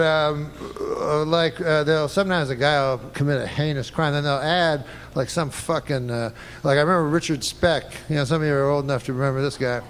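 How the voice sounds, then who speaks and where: A man works through a stand-up set in a dry, deadpan way, stumbling over fillers without any rush. His voice sits a touch high. The clip has clear background noise. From Canada. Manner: deadpan, relaxed, halting with fillers. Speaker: stand-up comedian. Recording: noisy archival stand-up clip.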